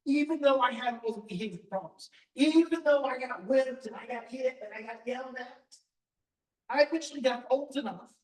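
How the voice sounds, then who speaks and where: A man giving a live parenting seminar, talking with passion and repeating key points for emphasis. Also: very high-pitched. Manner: impassioned, emphatic repetition. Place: seminar hall with audience. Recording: echoey hall, distant mic.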